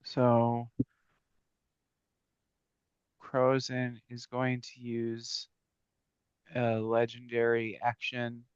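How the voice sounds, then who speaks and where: A man running a tabletop game as game master, giving rulings in a measured, matter-of-fact way. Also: medium pitch, completely flat delivery, clear, resonant tone, dry recording. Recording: dry, slightly dull audio.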